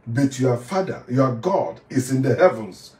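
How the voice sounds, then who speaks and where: In an echoey room, a former pastor with a Nigerian accent, who now comments online, rants to camera from well off the mic. His mid-range voice is animated and a little mellow at a measured pace as he preaches heatedly, pounding his points through repetition.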